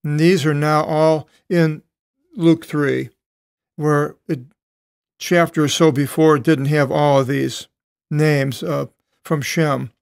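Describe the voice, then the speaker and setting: An older man teaching a verse-by-verse Bible study, reading slowly with frequent pauses and self-corrections as he explains Greek words. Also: a little high, level tone, vocal fry, clean tone, no echo, studio quality.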